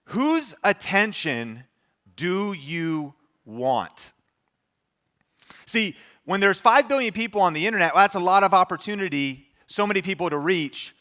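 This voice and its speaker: A man host giving an energetic, emphatic motivational talk to a live audience in a room, with quick asides to the crowd. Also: high voice.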